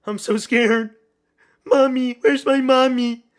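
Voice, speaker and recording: A man's voice: very high voice, fairly even intonation, takes it slowly, voice pushed up. A man putting on the voice of a frightened little boy who keeps whining for his mommy. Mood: whiny scared. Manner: whiny, pleading.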